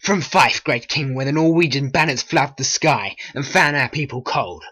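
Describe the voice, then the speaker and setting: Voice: mid-range voice, normal speed, a bit bright, husky, no echo. Someone voicing a formal noble messenger. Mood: reporting. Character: loyal male noble messenger. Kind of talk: homemade animation voice acting.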